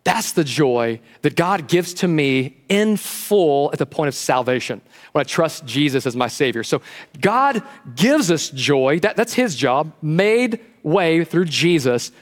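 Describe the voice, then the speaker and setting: A man preaching a sermon as pastor in a church, lively and animated, acting out the voices he quotes. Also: fairly high pitch, a little slow, big-room sound. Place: church sanctuary.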